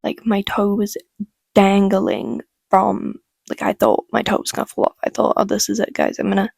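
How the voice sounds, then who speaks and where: Chatty young woman with vocal fry. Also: medium pitch, darkish tone, dry recording, studio quality. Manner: rambling and chatty, heavy use of "like", swears freely. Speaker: vlogger. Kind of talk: casual storytime.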